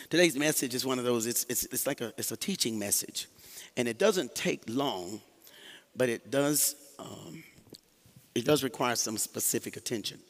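A man's voice: medium pitch, in a large hall. A male pastor preaching a sermon, talking with the congregation and laughing often. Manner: animated, laughing, call-and-response with the congregation.

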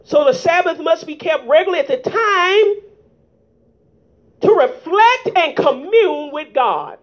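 A woman's voice: very high-pitched, lively intonation, unhurried. A woman preacher delivering a fervent sermon into a microphone in a church, calling out to the congregation with rhetorical questions, in a dull lo-fi recording. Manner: fervent call-and-response, rhetorical "huh?". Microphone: handheld microphone.

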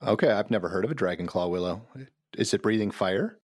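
A man's voice: fairly low pitch, fast, breathy edge, no room sound, clean studio sound. A man from Minnesota co-hosting a podcast, playful, jokey and self-mocking in casual banter. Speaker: podcast co-host.

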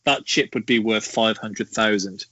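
A man's voice: on the low side, fairly even intonation, a little slow, bright, forceful tone, no room sound. Dry-voiced man reading trivia. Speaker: podcast co-host reading trivia. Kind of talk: casual chat, reading out facts. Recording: dry, dull lo-fi sound.

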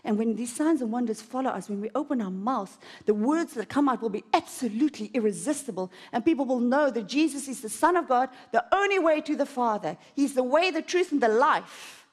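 A woman's voice: lively intonation, brisk, hardly any pauses. Emotional woman preaching. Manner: emotional storytelling with dramatic swings in pitch. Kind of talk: sermon. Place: auditorium.

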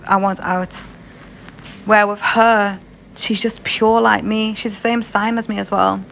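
A woman's voice: mid-range voice, level tone, measured pace, gravelly, a bit bright, a little hiss or hum. A young British woman telling a story in a casual vlog, frank and chatty, swearing freely. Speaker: vlogger.

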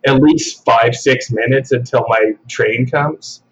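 A man spins a long story in an easygoing, loose way, cursing as he goes. His voice sits at an ordinary pitch, and the recording sounds a little dull and muffled. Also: takes it slowly, breathy edge. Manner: relaxed, swears freely, laughs while telling. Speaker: podcast guest. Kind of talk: casual storytelling.

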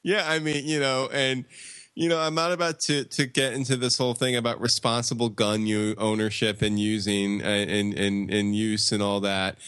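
A man co-hosting a comics podcast, chatting casually and spinning a rambling deadpan tall tale. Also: fairly low pitch, moderate pace, clean tone, no echo, clean studio sound. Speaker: podcast co-host.

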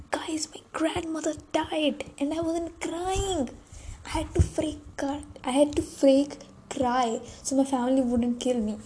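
Rambling young woman podcaster, soft dark tone. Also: fairly high pitch, low-quality recording. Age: young adult. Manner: rambling, self-deprecating, with frequent restarts. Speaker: podcast host. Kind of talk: rambling solo podcast monologue. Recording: faint background noise.

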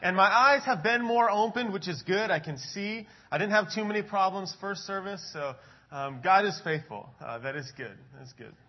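A man in his thirties pastors a congregation with a somewhat raised, breathy voice. He talks casually, telling stories with plenty of uhs and ums. The church recording sounds dull and lo-fi. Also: sits high, animated, normal speed. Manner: chatty storytelling, frequent um and uh. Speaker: adult ministries pastor. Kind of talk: casual sermon talk to a congregation.

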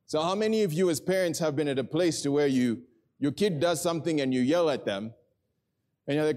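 A middle-aged man preaching a sermon in a church, telling a story with earnest energy that settles into quiet, prayerful tones. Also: fairly high pitch, expressive, fairly quick. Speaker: pastor. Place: church hall with a congregation.

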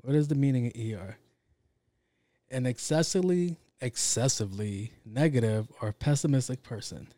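A man's voice: medium pitch, normal speed, no echo, studio quality. A young man telling a story from work in a casual, profane, slangy way, acting out what people said. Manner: profane, slangy, animated with acted quotes.

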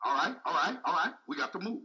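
A man's voice: sits high, sing-song, fast talker, vocal fry, pushed and bright, far from the mic, dull audio. A man preaching a sermon with speech, repeating phrases and calling out to the congregation. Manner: call-and-response preaching, repetitive, emphatic.

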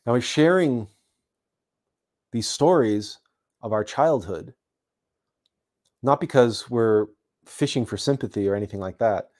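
A man from Canada recounting a childhood story in a reflective talk, halting often and repeating words with many fillers. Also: medium pitch, a little mellow. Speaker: host.

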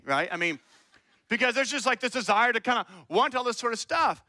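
A man's voice: extremely high pitch, expressive, brisk, sharp tone, no room sound. A man preaching a conversational sermon, playfully acting out little scenes and voices. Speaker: pastor.

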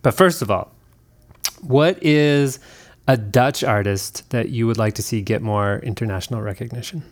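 A man's voice: mid-range voice, moderate pace. A man hosting a podcast, asking questions in a casual, friendly interview. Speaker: podcast host. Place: outdoors at a mountain view.

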